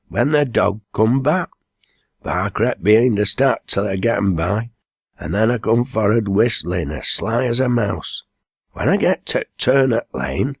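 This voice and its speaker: A man voicing a jittery young village farmhand with a broad Lancashire accent, rambling excitedly. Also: mid-range voice, creaky, breathy edge, no echo, studio quality, full character voice. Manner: rambling, excitable dialect tale.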